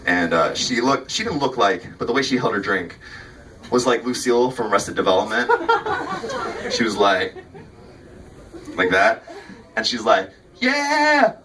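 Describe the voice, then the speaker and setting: A man rapping and joking with the crowd during a live set, with rapid punchy rhymes and loose stage talk. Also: lowish voice, sing-song, bright, forceful tone, a little hiss or hum. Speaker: rapper performing a live set. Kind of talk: live rap performance and stage banter. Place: live music venue with crowd. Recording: distant live concert recording with music. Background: backing music.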